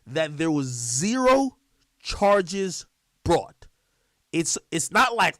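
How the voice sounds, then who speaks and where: Man, livestream monologue, high lively voice, repetitive and insistent, dry close sound. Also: dry recording. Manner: repetitive, insistent, drawn-out phrasing. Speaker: streamer in clip.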